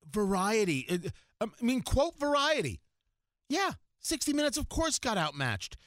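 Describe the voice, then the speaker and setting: A male talk show host in full opinionated-monologue mode, with a fairly high voice that swings up and down a lot. He restarts and repeats words as he pushes his points, and he sounds dry and close to the mic. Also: no room sound. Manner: animated, emphatic, with frequent restarts and repeated words.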